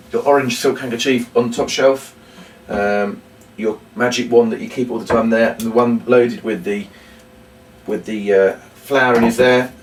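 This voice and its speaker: A man teaches a children's puppet routine. He hesitates with many ums and breaks into loud, high calls to demonstrate. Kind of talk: instructional demonstration. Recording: roomy, distant mic, faint room noise.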